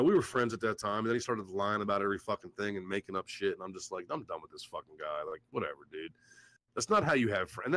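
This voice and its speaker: A man's voice: fairly low pitch, a bit bright, no room sound, low-quality recording. A man hosting a casual livestream chat, telling stories in a profane, ranting way. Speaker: show host.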